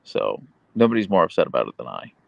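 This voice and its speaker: A man hosting a casual livestream, reading viewer comments aloud and chatting about his dogs, slipping into a high cooing voice for his pet. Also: sing-song, fast, vocal fry, no room sound, lo-fi sound. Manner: goes high and cooing when talking to his dog. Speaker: livestream host.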